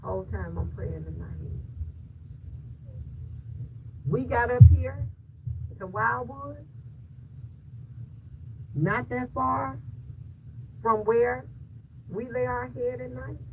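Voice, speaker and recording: A woman vlogger with a gravelly voice talks to her viewers in a loose, faith-filled chat, emphatic and preachy. She sits well away from the mic. Loud background noise runs under her words. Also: a little high, slow, long pauses, far from the mic. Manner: emphatic, preachy, repeats phrases for stress.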